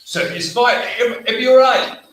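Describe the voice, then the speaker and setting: Animated man telling a story to children. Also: extremely high pitch, normal speed. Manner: animated, leads actions and call-and-response. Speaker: theatre workshop leader. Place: school hall. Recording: echoey hall, distant mic, faint noise.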